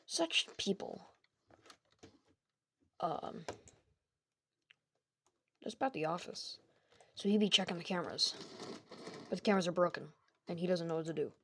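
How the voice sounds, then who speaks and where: A woman's voice: lowish voice, normal speed, pauses often, fairly bright tone, slight background noise. A woman casually narrating a silly game story in a rambling, self-correcting way.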